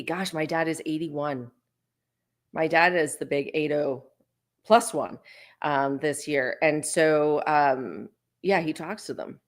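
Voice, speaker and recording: A woman co-hosting a radio talk show, chatty and quick to laugh. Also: deep voice. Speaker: radio co-host. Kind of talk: casual radio chat.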